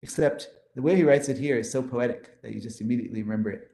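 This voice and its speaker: A man lectures on mathematics, enthusiastically explaining formulas, counting step by step, and pointing to slides. His mid-range voice is quick, creaky, and mellow, with a roomy sound.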